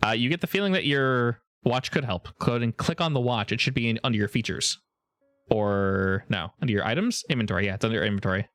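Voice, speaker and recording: A man's voice: medium pitch, a bit bright, no echo. A man narrating a tabletop game as game master, playful and helpful with the players. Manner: playful, quick to laugh, helpful.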